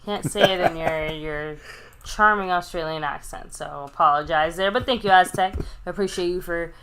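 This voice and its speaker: A woman's voice: on the low side, normal speed, noisy background. A woman co-hosting a live fan stream, reading viewer messages aloud and thanking supporters in a casual tone. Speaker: co-host reading chat messages.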